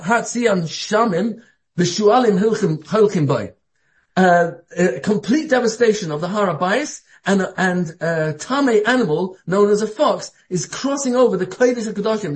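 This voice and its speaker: A man teaching a sermon in an animated way, with frequent restarts as he builds his points. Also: high-pitched. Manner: animated, acts out quoted voices, frequent restarts. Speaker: Torah teacher.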